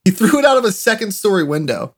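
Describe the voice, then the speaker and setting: A young man telling animated stories in a casual chat, laughing often. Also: high voice, fast. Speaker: podcast co-host.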